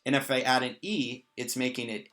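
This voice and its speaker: Male teacher, bright clear voice, patient and jokey, casual explainer, soft music under. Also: mid-range voice, steady tone, brisk. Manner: patient, explanatory, lightly joking. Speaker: language teacher. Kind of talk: casual lesson explaining a constructed language.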